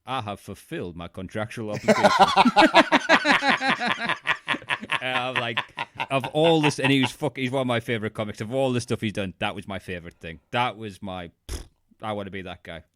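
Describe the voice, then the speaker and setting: A man's voice: medium pitch, expressive, moderate pace, sharp tone, no echo. A man co-hosting a casual podcast chat, blunt and swearing freely. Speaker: podcast co-host.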